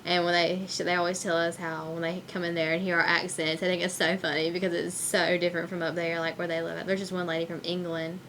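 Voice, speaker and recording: A woman's voice: lowish voice, level tone, fast, few pauses, a bit bright, slight background noise. A young woman, chatting casually with lots of fillers. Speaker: interviewee. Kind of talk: casual interview talk.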